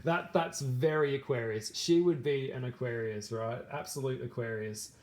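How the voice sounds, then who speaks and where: A man's voice: mid-range voice, fairly even intonation, normal speed, a little mellow. A man vlogging to camera in casual talk, rambling with many fillers and restarts.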